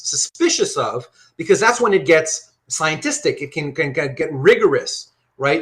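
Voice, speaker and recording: A man giving a university philosophy lecture to a class in an animated, conversational way, putting questions to the students. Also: a little high.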